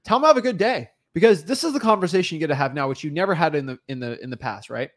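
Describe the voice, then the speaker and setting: A man's voice: on the high side, lively intonation, very fast, hardly any pauses. A man in casual coaching talk, explaining how he adjusts prices, chatty and full of "like.". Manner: casual and chatty, uses many "like" fillers.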